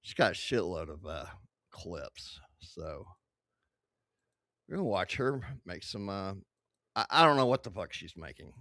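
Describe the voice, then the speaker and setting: A man's voice: low-pitched, very animated, a little slow, long pauses, pushed and bright, no room sound, clean studio sound. A man casually reacting to online clips, crude, profane and blunt. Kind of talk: casual reaction stream commentary.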